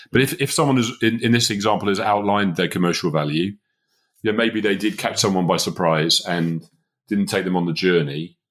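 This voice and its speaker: A man hosting a podcast, giving career advice in a casual, emphatic way and chuckling often. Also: sits low. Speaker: podcast host, business consultant.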